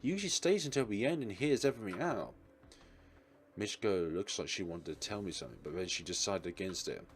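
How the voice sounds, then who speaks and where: A man's voice: fairly low pitch, expressive, fast talker. A man hosting a let's play, reading a visual novel's narration and lines aloud with expression.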